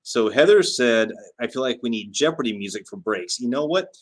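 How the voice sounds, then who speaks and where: A man's voice: medium pitch, expressive, moderate pace. A man hosting a casual livestream, chatting and reading out viewer comments with frequent fillers and laughs. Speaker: livestream host.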